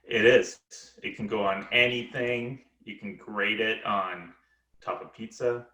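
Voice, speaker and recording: A soft-spoken man chatting as a podcast guest in a low-key way. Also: steady tone, a little slow, reverberant, highs cut off. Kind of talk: casual chat.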